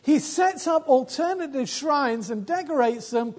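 A man's voice: very high-pitched, expressive, unhurried, a little mellow. A man giving a conversational Bible history talk, wry and dry-humored, often restarting his sentences. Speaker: Bible teacher.

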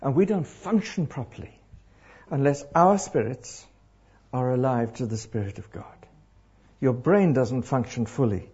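A middle-aged man preaching to a congregation, animated and throwing questions out to the crowd. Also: mid-range voice, a little slow, husky. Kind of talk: interactive sermon. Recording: dull lo-fi live recording.

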